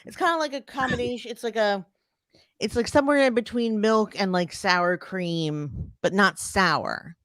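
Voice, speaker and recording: A woman's voice: medium pitch, normal speed, a bit bright, no echo, studio quality. A woman with a US East Coast accent, co-hosting a podcast in casual chat and explaining things with examples. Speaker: podcast co-host.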